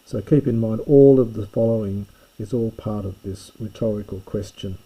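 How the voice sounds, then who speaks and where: A man giving a recorded lesson, reading and explaining a Greek text in a slow, methodical way with frequent pauses and fillers. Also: fairly low pitch, warm tone, breathy edge, rough recording. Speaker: teacher.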